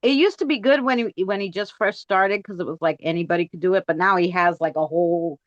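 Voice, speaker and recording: A woman's voice: on the low side, fast, dry recording. A woman co-hosting a casual livestream, telling stories in a rambling way with many restarts. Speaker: livestream co-host. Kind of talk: casual chat. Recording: dry dull-sounding audio.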